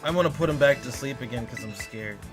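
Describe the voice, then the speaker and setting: A man streaming a game live, excitable and exasperated, talking to his chat and to the game. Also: mid-range voice, fast, music in the background.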